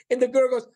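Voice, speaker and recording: A man, a comedian and former cruise director, telling stories in a casual interview, animated and laughing often. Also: extremely high pitch, slightly rough.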